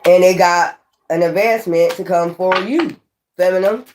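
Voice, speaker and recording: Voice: medium pitch, normal speed, slight background noise. Tarot reader, casual rambling delivery, heavy profanity, emphatic repetition. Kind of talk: casual tarot reading to camera.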